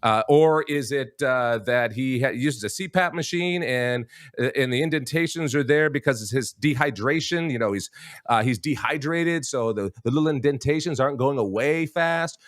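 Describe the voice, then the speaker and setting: A man's voice: mid-range voice, normal speed, no echo, clean studio sound. A man hosting a talk show, giving an emphatic opinion monologue and talking straight to his listeners as folks. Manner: emphatic, addresses listeners as folks, many restarts.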